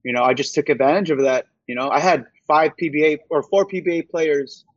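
A man's voice: on the high side, fairly quick, no echo, lo-fi sound. A young man, a basketball player, chatting casually in an interview, laid-back with lots of fillers and frequent laughs.

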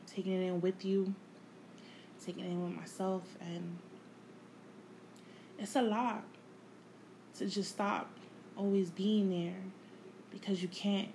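A woman hosting her own podcast, talking without a script in a reflective, halting way, repeating phrases and swearing casually. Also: lowish voice, warm tone, slight background noise, low-quality recording. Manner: emotional, candid, casual swearing. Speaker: podcast host. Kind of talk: unscripted personal monologue.

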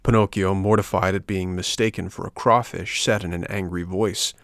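Gravelly low-voiced male storybook narrator. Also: steady tone, moderate pace, few pauses, no echo, clean studio sound. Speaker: audiobook narrator.

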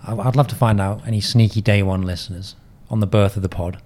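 A man's voice: lowish voice, steady tone, fast, a little mellow. Easygoing man co-hosting a podcast. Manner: easygoing, laughs along often. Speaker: podcast co-host. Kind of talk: casual chat.

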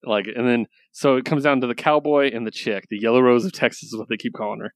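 A man's voice: mid-range voice, fairly even intonation, fast, dry recording. A man co-hosting a comics podcast in casual chat, loose and rambling, enthusiastic and swearing casually. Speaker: podcast co-host reviewing comics.

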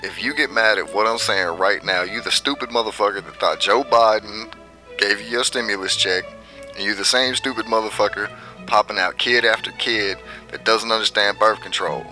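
A man rants on his vlog in a brash, profane way, laughing at his own jabs. His lowish voice has a sharp, tense edge. Faint music plays behind him. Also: normal speed. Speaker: vlogger. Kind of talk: profane rant commentary.

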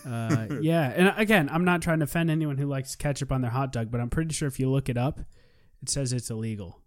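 A man's voice: mid-range voice, fast talker. A man co-hosting a podcast in casual chat, rambling and joking, laughing at his own lines. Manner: rambling and jokey, laughs often. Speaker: podcast co-host.

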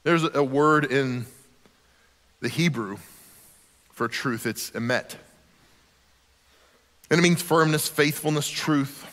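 A man's voice: on the high side, slow, long pauses, fairly bright tone, big-room sound. A man, a pastor, preaching a sermon in a conversational, emphatic way with casual asides.

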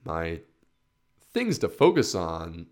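Low-voiced guy rambling on his own podcast, cussing and laughing at himself, voice jumps way up when he gets hyped. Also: slow pace. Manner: energetic, swears freely, laughs at himself; rambling with restarts, excited rises in pitch. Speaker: podcast host. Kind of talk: casual solo podcast monologue.

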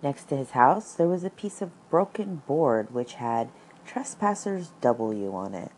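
A woman reading a classic children's story aloud and commenting on it, in an expressive, measured manner. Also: very deep voice, a little hiss or hum, rough recording.

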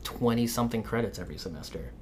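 A young man chatting casually as a podcast co-host. He tells loose, meandering stories and swears freely, at an ordinary middle pitch. A faint rumble sits under the recording. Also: fast. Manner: loose, rambling storytelling with frequent swearing. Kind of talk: casual chat.

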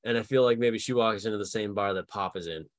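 A man's voice: lowish voice, no room sound. A man co-hosting a podcast and serving as dungeon master, chatting animatedly and laughing often as he brainstorms characters. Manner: animated, laughs often, acts out quick bits of dialogue. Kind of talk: casual podcast chat about building game characters.

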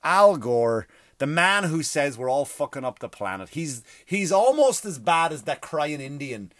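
A man's voice: a little high, big pitch swings, normal speed, no room sound. Profane ranting man, dry close sound. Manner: profane, self-interrupting, with sudden loud outbursts. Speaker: podcast host. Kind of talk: comedic rant.

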